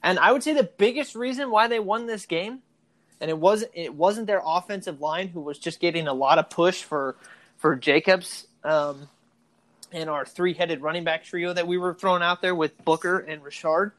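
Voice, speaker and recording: A podcast co-host in casual sports talk, chatty and animated, arguing points at length. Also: medium pitch, normal speed.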